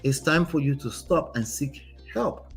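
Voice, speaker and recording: A man's voice: on the high side, unhurried, faint music behind. A man, a relationship coach commenting on a story he reads aloud, speaking emphatically and ending many points with "right?". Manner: emphatic, tags lines with "right?".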